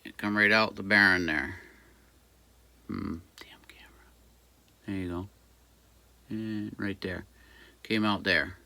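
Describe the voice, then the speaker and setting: A man's voice: low-pitched, fairly even intonation, measured pace, long pauses, sharp tone. Folksy man talking through a repair. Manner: folksy, rambling, jokey asides. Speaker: small engine repair shop owner. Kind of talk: casual workshop how-to talk. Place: workshop by a busy road.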